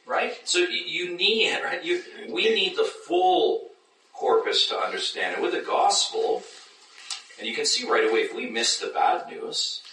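A man preaches a sermon with a bright, lively voice that swings high when he mimics skeptics. He is picked up from a distance in an echoey church hall. A faint room hum sits under his words. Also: measured pace. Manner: animated, acts out skeptics in high mocking voices. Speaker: pastor.

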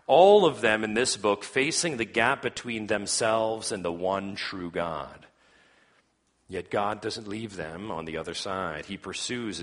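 A man with a somewhat low voice delivers a sermon. His preaching swings from loud, ringing emphasis to quiet, low asides. He leans on repeated phrases to drive each point home. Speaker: pastor.

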